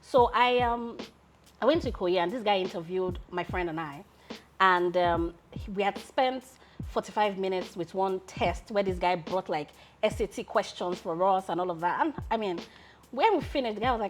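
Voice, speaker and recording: Nigerian woman telling lively stories. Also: medium pitch, moderate pace, soft background music. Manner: lively storyteller, often breaks into laughter. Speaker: guest, lawyer and founder. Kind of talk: casual interview storytelling.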